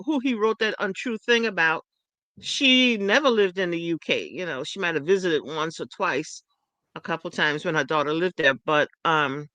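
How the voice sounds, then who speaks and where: A woman's voice: lowish voice, fairly bright tone, no room sound. A woman co-hosting a casual gossip chat, explaining in a matter-of-fact way. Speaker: co-host.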